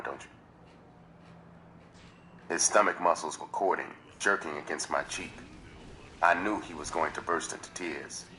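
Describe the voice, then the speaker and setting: A man reads a memoir aloud in a measured, dramatic storytelling manner. His voice is very deep yet carries a bright, tense edge. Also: a little hiss or hum, rough recording. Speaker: livestream reader.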